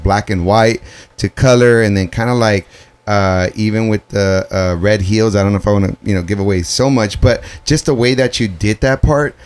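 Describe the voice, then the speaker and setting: Low-voiced easygoing male radio host. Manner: relaxed, encouraging, frequent backchannels. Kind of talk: casual interview chat.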